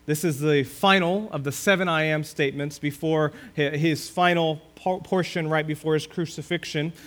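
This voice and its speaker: A man preaching a sermon who reads scripture slowly and leans hard on key phrases, often dropping to a hushed tone. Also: on the high side, fairly even intonation. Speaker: pastor.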